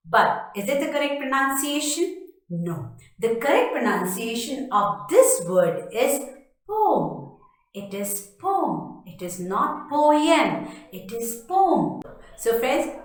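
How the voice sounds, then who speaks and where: Woman, pronunciation teacher, slow deliberate delivery, emphatic, spells words out, strongly echoey room. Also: on the high side. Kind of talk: slow spoken pronunciation lesson.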